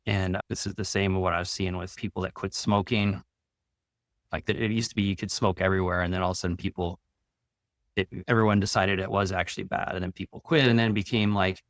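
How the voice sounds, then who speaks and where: Man, low flat voice, gravelly, soft slow meditation guide, spiritual teacher. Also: dry recording, studio quality. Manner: slow, soft meditation guidance with long pauses; rambling, loose casual talk with many "like" fillers. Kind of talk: channeled energy update and guided meditation.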